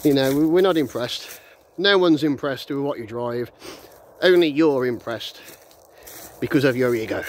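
A man's voice: mid-range voice, normal speed, a little hiss or hum. A man ranting bluntly and ramblingly in a casual monologue, with restarts and chuckles, while walking a dog through the countryside and recording on a phone held in his hand. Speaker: vlogger.

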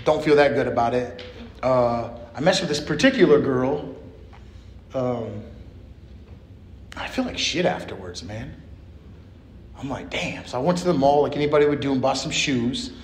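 A man's voice: medium pitch, normal speed, pauses often, a little hiss or hum. A man giving a personal share at a recovery meeting, blunt and profane, full of street slang. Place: meeting room. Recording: echoey meeting room.

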